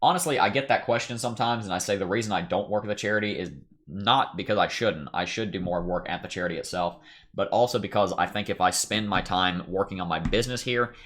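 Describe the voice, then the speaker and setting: Fast-talking low-voiced man with a Tennessee accent. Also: a bit bright. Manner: upbeat, chatty, thinks aloud while reading charts. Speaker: crypto livestream host. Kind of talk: casual livestream chat reading viewer comments.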